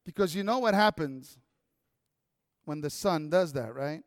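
High-voiced animated male pastor. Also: a little slow, clean studio sound. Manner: animated, conversational, rising to excited outbursts. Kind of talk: storytelling sermon. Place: church. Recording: long church hall reverb.

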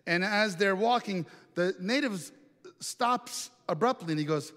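A male pastor tells a story from the pulpit in an easy, chatty way, often turning to ask the congregation questions. His voice sits on the high side for a man. The sound carries a long reverb from a large hall. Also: a little slow, fairly bright tone. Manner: conversational, asks the congregation questions. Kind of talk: storytelling sermon.

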